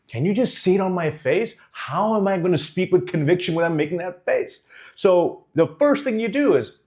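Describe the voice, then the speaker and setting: Speaking at normal speed in a high-pitched voice, a man gives a direct-to-camera lesson as a communication coach on talking with conviction. He animatedly performs examples, showing different tones and faces to his viewers.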